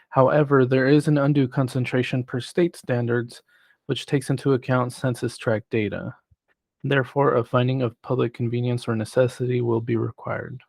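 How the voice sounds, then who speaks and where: A man on city planning staff who presents a formal report in a measured way, reading prepared remarks. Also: medium pitch, gravelly, darkish tone, dry recording. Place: city council chamber.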